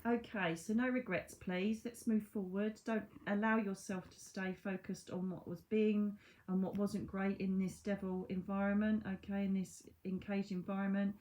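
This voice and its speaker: A woman's voice: mid-range voice, level tone, normal speed, a little mellow, a little hiss or hum. A woman reading oracle cards to camera in a chatty, reassuring way that laughs at herself. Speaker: psychic medium reading cards. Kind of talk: casual tarot card reading to camera.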